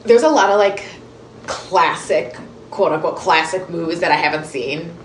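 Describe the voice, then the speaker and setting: A woman's voice: on the low side, moderate pace. A woman co-hosting a podcast in casual, playful and teasing chat. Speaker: podcast co-host. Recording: roomy echo, faint background noise.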